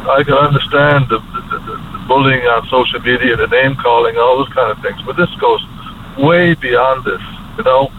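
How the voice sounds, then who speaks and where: Man, radio caller, emotional and stumbling, phone-line sound. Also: mid-range voice. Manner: choked up, halting and repetitive. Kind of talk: emotional call-in talk. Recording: tinny phone line with faint hiss.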